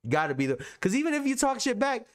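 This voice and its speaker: A man's voice: very high voice, sing-song, fast. A male podcast host in casual sports chat with his audience, laid-back and slangy, often breaking into laughter.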